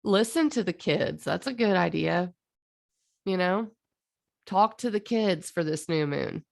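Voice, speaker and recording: A woman's voice: lowish voice, animated, measured pace, creaky. A woman astrologer giving a heartfelt, impassioned monologue, stretching out phrases for emphasis.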